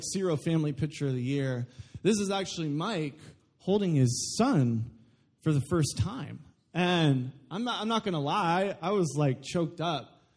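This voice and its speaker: Young male pastor, high-pitched, animated storyteller delivering a sermon. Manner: animated storytelling with acted-out quotes.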